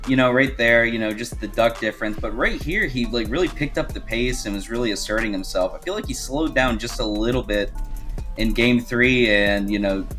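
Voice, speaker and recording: A man giving color commentary on a fighting game match, relaxed and rambling, with many fillers. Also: medium pitch, a little fast, faint music behind. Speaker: esports co-commentator.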